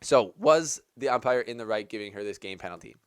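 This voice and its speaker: A man with a lowish, smooth and clear voice talks through his opinions on a match in a casual, rambling way. He leans on "like" and restarts as he thinks aloud. The sound is dry and close, with no room around it. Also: animated, brisk, no room sound. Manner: chatty, rambling, heavy use of "like". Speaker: tennis channel host.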